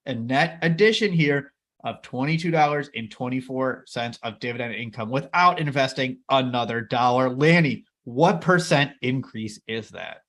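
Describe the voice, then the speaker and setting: A man's voice: mid-range voice, moderate pace, fairly bright tone. A man co-hosting a casual investing chat, enthusiastic and talking straight to viewers. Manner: enthusiastic, addresses viewers as everybody. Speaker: co-host.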